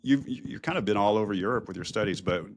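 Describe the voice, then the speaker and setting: A man's voice: fairly low pitch, quick pace, a little hiss or hum. A middle-aged man hosting a podcast, casual and chatty with plenty of "um"s. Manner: relaxed, chatty, many fillers. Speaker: podcast host.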